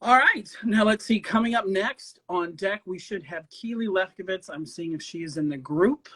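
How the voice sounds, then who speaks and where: Male host, high voice, effusive, endearing with guests. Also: moderate pace, sharp tone, rough recording. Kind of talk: hosting a live-stream comedy show.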